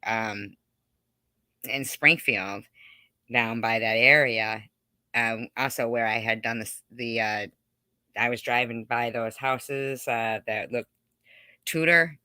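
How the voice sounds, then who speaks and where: A woman's voice: rumbling low, fairly even intonation, slow, long pauses, bright, forceful tone, no echo, clean studio sound. A middle-aged woman hosting a casual live stream, chatting with viewers in a rambling, giggly way full of fillers.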